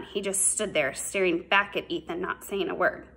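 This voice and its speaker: A woman narrating a novel as an audiobook in a measured, unhurried way. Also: on the low side, vocal fry, pushed and bright, husky, rough recording.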